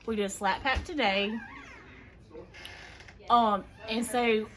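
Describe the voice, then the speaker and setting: Chatty higher-voiced woman hiker. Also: steady tone, takes it slowly, a bit bright, rough recording. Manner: chatty, amused. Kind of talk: casual anecdote.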